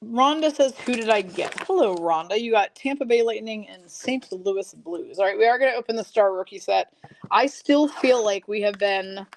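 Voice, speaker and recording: A woman's voice: mid-range voice, animated, moderate pace, gravelly, darkish tone, a little hiss or hum. A woman hosting a live hockey card break, reading out pulls and chatting with viewers. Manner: chatty, reads card names and viewer comments. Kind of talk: casual live stream chat.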